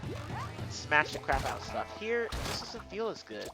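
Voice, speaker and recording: A man with a slightly high voice gives casual live commentary over his gameplay. He is blunt and profane, griping openly about the game as he plays. Game music plays clearly behind him. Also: big pitch swings, a little slow, low-quality recording. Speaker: game streamer. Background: game music playing.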